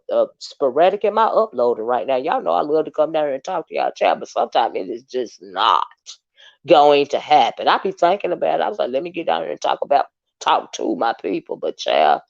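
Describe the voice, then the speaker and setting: A woman host giving casual ranting commentary, exasperated and animated, with long sighing hums between remarks. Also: sits low, creaky, no room sound, muffled recording.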